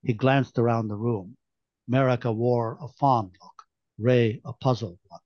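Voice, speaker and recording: A man's voice: mid-range voice, fairly even intonation, measured pace, dry recording. Novelist man reading aloud, lo-fi. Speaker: novelist reading his own book. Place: home, online event. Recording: dull lo-fi online-call audio.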